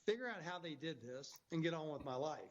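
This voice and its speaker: A man talks in a recorded clip, pausing often with uh between phrases. His voice sits a little high for a man. The audio sounds dull and lo-fi, as if replayed from a video. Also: animated. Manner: halting, with frequent uh fillers. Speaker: speaker in a played clip. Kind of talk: recorded spoken remarks.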